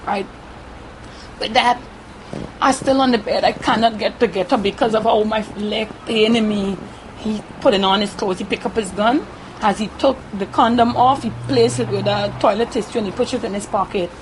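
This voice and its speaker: A woman with a Guyanese Creole accent giving a halting first-person account, often repeating herself and tagging her sentences with "right?". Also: medium pitch, steady tone, background noise. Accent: Guyanese Creole English. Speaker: interviewee.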